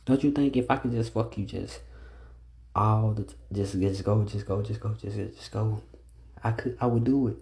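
A man's voice: fairly low pitch, normal speed, warm tone. A young man hosting a solo podcast, speaking in with a blunt, profane, ranting delivery that keeps building emphasis. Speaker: podcast host. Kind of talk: solo casual podcast monologue.

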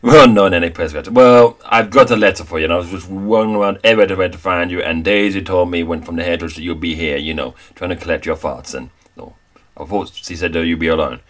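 A man's voice: low-pitched, fast, a bit bright. A man voicing a polite, slightly hesitant male messenger in a comedy audio drama, whose accent keeps wandering from place to place.

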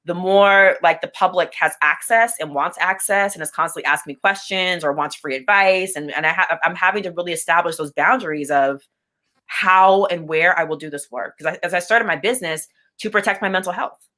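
Young adult woman, interview guest, rapid and bright, blunt and impassioned, lots of restarts. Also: fairly low pitch. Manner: impassioned, blunt, repeats words when starting sentences. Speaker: interview guest, business owner. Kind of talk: candid conversational interview.

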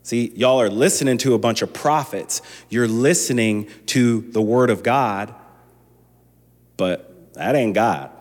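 A man's voice: mid-range voice, a little slow. A man preaching a sermon as a pastor, talking conversationally with frequent restarts and building to impassioned emphasis. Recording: long reverb of a large hall.

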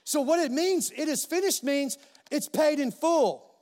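A male pastor preaching a sermon in a church, animated and emphatic, repeating key phrases for weight. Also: very high voice, unhurried. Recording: long reverb of a large hall.

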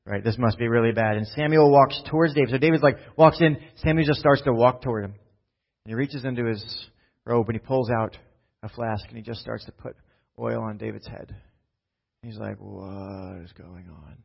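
A man's voice: medium pitch, steady tone, fairly quick, gravelly. A man preaching a sermon in a casual storytelling manner, often checking in with "right?". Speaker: pastor. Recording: dull lo-fi sound.

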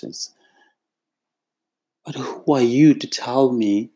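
A man's voice: mid-range voice, lively intonation, a little mellow. A South African man, a freelance creative, speaking in an emphatic, exasperated monologue straight to camera. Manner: emphatic, exasperated, drawn-out phrasing.

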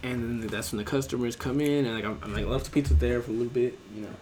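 A man's voice: medium pitch, fairly even intonation, fast, darkish tone, slight background noise. A young man casually telling a funny work story on a podcast, rambling and swearing, often breaking into laughter. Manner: laughs often, loose and profane, rambling with fillers.

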